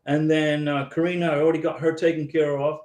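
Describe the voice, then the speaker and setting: A man's voice: on the high side, level tone, fast talker, darkish tone, reverberant. A man hosting a live stream, chatting casually, reading out viewer comments and answering them by name. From United States. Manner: rambling, chatty, repeats himself, talks to viewers by name. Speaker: host of a live visa advice stream.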